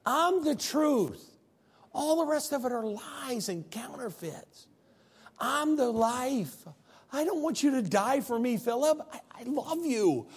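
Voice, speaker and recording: A preacher doing a tender, pleading voice. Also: male voice, very high voice, voice pushed up, full character voice. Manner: slow, gentle pleading. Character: tender, pleading loving man.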